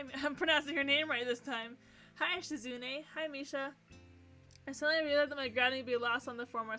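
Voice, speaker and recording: A woman streaming a game, reading its narration aloud and breaking off into gushing, excitable reactions. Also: sits high. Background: faint game music.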